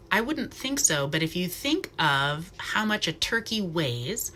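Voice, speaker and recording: A woman talks casually about wildlife on a live stream, dropping into soft coos for the bird on her glove. Her voice sits low. A faint hiss runs under the recording. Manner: chatty, soft cooing asides to the owl. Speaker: wildlife educator. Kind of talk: live-streamed educational talk. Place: wildlife center room.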